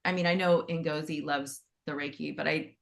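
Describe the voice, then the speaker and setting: Gentle, chatty woman teaching softly. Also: sits low, steady tone, moderate pace, vocal fry. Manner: gentle, conversational, rambling with asides. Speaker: animal Reiki teacher. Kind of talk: casual teaching talk.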